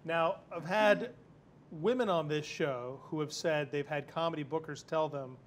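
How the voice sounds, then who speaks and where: A man's voice: on the high side, a little slow, a little hiss or hum. A man hosting a casual panel talk, asking questions in a playful, joking way. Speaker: talk show host.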